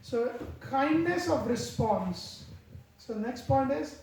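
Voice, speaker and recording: A man giving a devotional lecture and telling stories in a measured way. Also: very high-pitched, lively intonation, gravelly, darkish tone, a little hiss or hum. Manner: measured, acts out quotes in the stories. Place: temple hall. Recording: very echoey hall.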